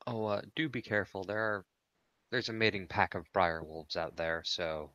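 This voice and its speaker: A man's voice: sits low, steady tone, normal speed, bright, forceful tone, no room sound, muffled recording. A man playing a tabletop role-play game, switching between narrating and speaking in character. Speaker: tabletop player.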